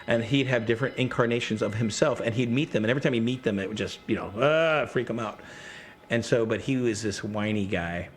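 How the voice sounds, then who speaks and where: A man telling gaming stories in a casual chat, rambling and animated, often breaking into quoted voices. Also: mid-range voice, brisk, slight background noise. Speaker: podcast guest.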